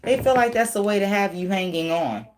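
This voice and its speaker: A woman's voice: medium pitch, fairly quick, a little hiss or hum. A woman doing a tarot reading in casual, blunt, profane talk, teasing and laughing often. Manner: slangy, teasing. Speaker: tarot reader.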